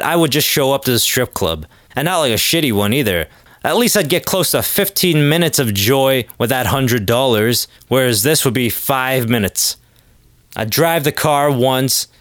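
A man talking alone into the mic in a crude, joking monologue. His voice sits at a middle pitch and he bursts into loud, high exclamations. The sound is dry and close, with no room echo. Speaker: podcast host. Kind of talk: casual comedic monologue.

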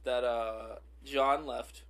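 A man co-hosting a casual podcast, telling an improvised story with giggles and halting starts. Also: mid-range voice, steady tone, a bit bright. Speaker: podcast co-host.

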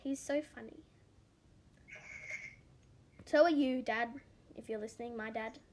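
A woman's voice: a little high, measured pace, a little mellow. A young Australian woman chatting casually on a video call, rambling with lots of fillers and giggles. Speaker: podcast co-host. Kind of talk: casual chat.

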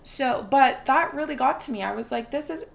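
A woman's voice: sits high, moderate pace, creaky. A young woman hosting a casual solo podcast, chatty and self-deprecating, filling her talk with "like" and "um". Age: young adult. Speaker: podcast host.

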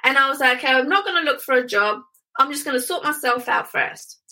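A middle-aged woman, an interview guest, telling her story in an animated way and acting out the dialogue. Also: high voice, fast talker, low-quality recording. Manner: animated, acts out dialogue with lively quoted voices. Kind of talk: casual storytelling.

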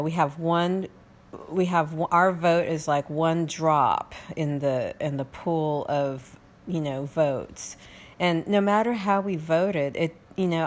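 A woman's voice: lowish voice, a little mellow, a little hiss or hum. A woman hosting a podcast, talking in a casual, rambling monologue with many fillers and reassuring "okay?" asides. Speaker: podcast host. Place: home.

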